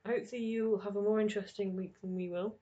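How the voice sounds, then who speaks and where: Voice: mid-range voice, little pitch movement, very fast, dark tone, highs cut off. A podcast co-host in casual chat, teasing and dry, often laughing at their own jokes.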